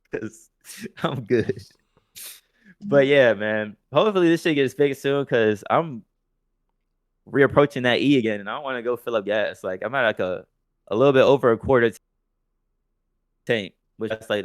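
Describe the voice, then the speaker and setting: A man with a lowish voice co-hosts a podcast, telling a story casually while swearing freely and laughing a lot. It's studio quality with no room sound.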